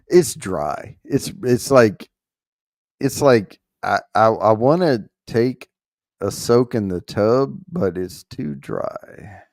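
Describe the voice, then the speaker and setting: A man hosts a casual livestream at an unhurried, drawn-out pace. He jokes loosely and swears mildly as he fumbles with the giveaway screen. The sound is dry and close, with no room behind him. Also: medium pitch, animated, a little mellow, no echo. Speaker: show host running a prize giveaway.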